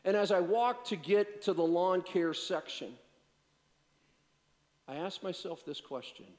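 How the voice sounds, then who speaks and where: A pastor giving a sermon, moving between loud, emphatic preaching and quiet, self-deprecating storytelling. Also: male voice, sits high, a little slow, big-room sound.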